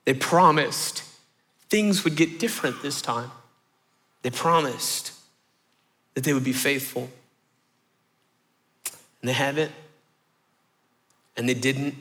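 Animated storytelling preacher, bright voice. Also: male voice, medium pitch, slow, long pauses. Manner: animated storytelling, acts out voices, repeats phrases for rhythm. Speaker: pastor. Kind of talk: sermon.

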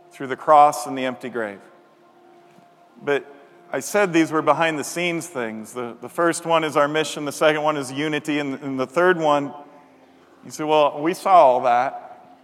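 Man, pastor, sermon, higher-pitched voice, animated storytelling, long church reverb. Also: moderate pace. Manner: animated, acts out quoted voices.

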